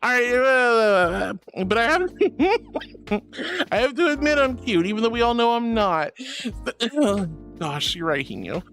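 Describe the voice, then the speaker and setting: A woman streaming as a VTuber, chatting casually and playfully with her viewers and teasing them in squeaky, cutesy tones. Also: animated, moderate pace, few pauses, a bit bright, faint music behind. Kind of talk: casual live-stream chat.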